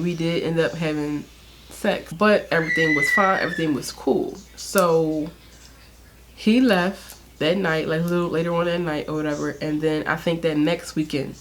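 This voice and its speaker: A young woman beauty vlogger with a fairly low-pitched voice tells a personal story at a moderate pace. It's a casual, candid storytime, full of fillers and frequent laughter.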